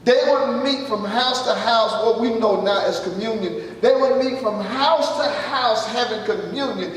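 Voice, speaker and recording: A male pastor preaches in a high voice, talking to the congregation in a folksy, conversational way and asking them questions. He is recorded from far off, and his voice rings through a big echoey church hall over a faint hum of the room. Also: unhurried, hardly any pauses, fairly bright tone. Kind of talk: sermon.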